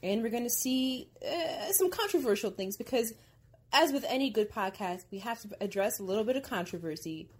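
A woman's voice: on the high side, animated, a little fast, husky. Chatty young woman podcast host. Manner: chatty, teasing, laughs often. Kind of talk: casual chat while watching a movie.

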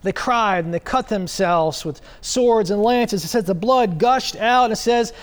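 A male pastor preaching on a church stage at a stand microphone, animated and joking as he retells a story. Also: high voice, a little slow. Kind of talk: sermon.

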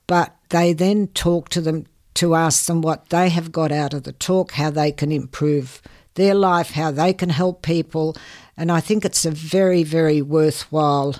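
An older woman, giving earnest, measured interview answers and often repeating words. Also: deep voice, fairly even intonation, darkish tone. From Hungary. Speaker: guest. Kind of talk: interview answers, personal recollection.

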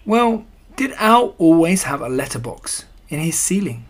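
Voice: mid-range voice, very animated, measured pace. A reader voicing a small, timid piglet in a storybook reading, nervous and anxious.

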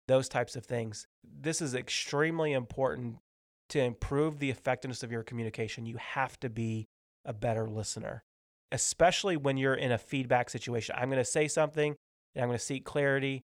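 A man hosting a podcast, giving numbered practical tips in a relaxed teaching tone with light humor. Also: medium pitch, no room sound, clean studio sound. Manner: structured tips, light humor, acts out example dialogues. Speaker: podcast host. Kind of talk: casual teaching talk on workplace communication.

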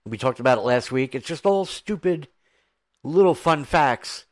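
Full of energy and quick asides, this American host spins stories during a laid-back podcast chat. His animated voice sits in the mid range and sounds dry and close-miked, with no room sound at all.

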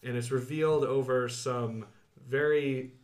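A man's voice: mid-range voice, steady tone, a little slow, roomy sound. Chatty man hosting a casual chat. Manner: chatty, laughs while recounting. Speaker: podcast host.

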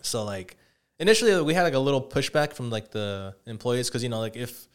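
A man's voice: mid-range voice, fairly quick, clean tone. A man in his twenties co-hosting a podcast, casually telling a story full of swearing and acted-out quotes. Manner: profane, animated, acts out quotes. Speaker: podcast co-host.

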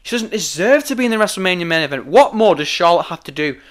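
A man's voice: high voice, big pitch swings, quick pace, fairly bright tone. A young man delivering a heated, opinionated rant, emphatic and swearing often. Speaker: wrestling commentator.

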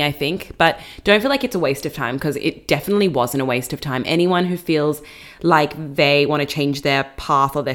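A young woman, co-hosting a podcast in casual, animated chat and laughing often. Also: low voice. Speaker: podcast co-host.

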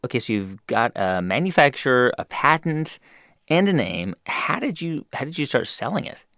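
A man's voice: medium pitch, sing-song, normal speed, fairly bright tone, no echo, clean studio sound. A man hosting a radio interview podcast, introducing segments and asking curious questions. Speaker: podcast host.

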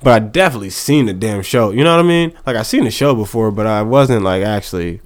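A man in casual comedic banter, riffing loudly with laughs and cursing. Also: on the low side, animated, quick pace.

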